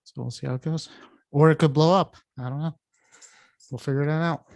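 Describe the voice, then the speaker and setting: A man's voice: a little high, steady tone, brisk, vocal fry, darkish tone, dry recording. A man co-hosting a podcast, telling rambling anecdotes with restarts and laughter. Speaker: podcast co-host. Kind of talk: casual chat.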